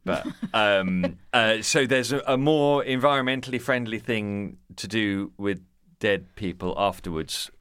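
A man's voice: lowish voice, a little slow, fairly bright tone, smooth, no room sound. An English man, a sketchwriter guest, talking with dry wry asides and some hesitant ums while reading from a news story. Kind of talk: casual chat, reading news aloud.

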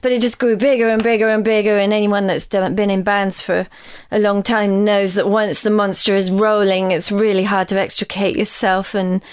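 A woman with a mid-range voice talks as a guest in a casual interview. She wanders through her story in loose, halting sentences and keeps restarting her thoughts. The recording is close and dry, with no room sound. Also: mid-range voice, level tone, clear, resonant tone, dry recording. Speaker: musician guest.

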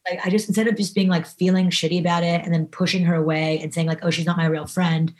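A woman guest on a podcast talks in a low, easy voice, earnest and animated. She spills out her thoughts with plenty of fillers and restarts. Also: quick pace. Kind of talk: casual interview talk.

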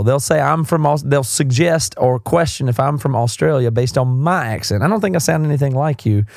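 A Southern-accented male podcast host talks at an ordinary pitch, loose and candid, often doubling back to correct himself. His voice sits dry and close with no room around it. He wanders a little as he answers listener questions. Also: expressive, normal speed, vocal fry, a little mellow, no room sound. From South Carolina, US. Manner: rambling, candid, self-correcting.

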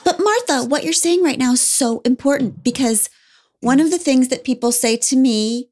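Woman, interviewer, high-pitched, emphatic, eager. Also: normal speed, darkish tone.

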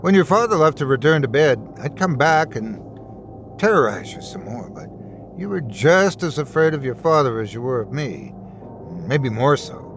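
A sinister boogeyman with no name speaks with slow, mocking relish, savoring every cruel memory, as a man reads him. His voice swings freely up and down as he gloats. It is a plain, everyday speaking voice, read as part of a horror story. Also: mid-range voice, lively intonation, slight background noise, close to an everyday voice. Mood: taunting. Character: sinister taunting male boogeyman, ageless and gleeful.

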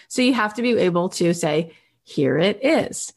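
A woman's voice: fairly low pitch, expressive, normal speed, breathy edge. A woman sales coach talking casually and energetically, acting out little dialogues with customers. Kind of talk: coaching talk.

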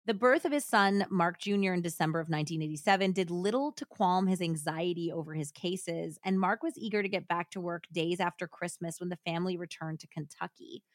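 A woman's voice: lowish voice, fairly quick, hardly any pauses, no echo, studio quality. A woman hosting a podcast, telling a true-crime story casually with many fillers and laughs. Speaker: podcast host.

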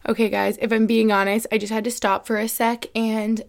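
A woman's voice: a little high, level tone, normal speed. A young woman from upstate New York hosting a casual podcast, rambling upbeat chat full of "like", recorded on a desk microphone into a computer. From Albany, New York. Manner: rambling, upbeat, chatty, lots of "like". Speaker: podcast host.

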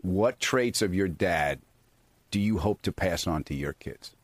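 A man hosting a podcast, asking calm, reflective questions. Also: low voice, measured pace, breathy edge, no echo. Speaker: podcast host. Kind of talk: casual interview chat.

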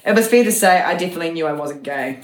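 A woman with a fairly low voice reads a memoir aloud for her podcast audience. Her delivery is steady, with casual asides slipped in between passages. The room around her is echoey. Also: racing, slight background noise. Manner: steady reading voice broken by chatty laughing asides.

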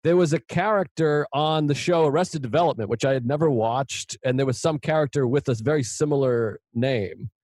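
Relaxed male comic host, dry sound. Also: medium pitch, moderate pace, few pauses, dry recording. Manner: relaxed, self-mocking anecdotes. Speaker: podcast host, comedian. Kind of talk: casual conversation, storytelling.

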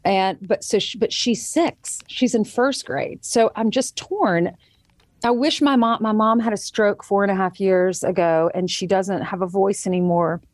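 Woman guest, mid-pitched, earnest storyteller, casual podcast talk, dry close mic. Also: unhurried, no room sound. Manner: earnest storytelling, quoting others in changed voices. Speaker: guest, author and TV co-host. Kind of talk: casual conversation.

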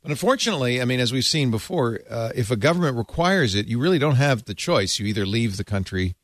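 A male podcast host in a casual discussion, wry and animated. His pitch moves a lot, and the sound is dry and close. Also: fast, no echo. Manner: wry, animated, asks questions.

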